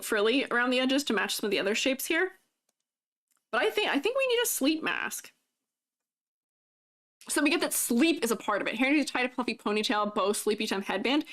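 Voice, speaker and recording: A woman's voice: a little high, a bit bright. Giggly woman chatting with her stream viewers. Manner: giggly, chatty, reads chat aloud; talks while eating. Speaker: streamer and 3D artist. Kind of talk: casual livestream chat.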